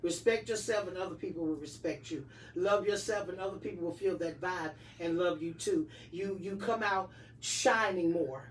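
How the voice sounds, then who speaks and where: A middle-aged woman in casual chat, giving animated, preachy encouragement and playful self-talk. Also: lowish voice, moderate pace. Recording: distant mic with faint noise.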